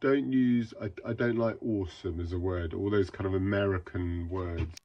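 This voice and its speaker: A man's voice: low voice, fairly even intonation, normal speed, muffled recording, a little hiss or hum. A man, an artist and vlogger, talking casually to an AI assistant in a hesitant, stop-start, irritated way.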